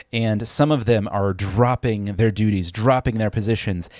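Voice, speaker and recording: A man runs a tabletop game as its game master, his low voice hesitant and filled with ums and restarts. The recording is dry and close to the mic. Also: a little mellow, dry recording.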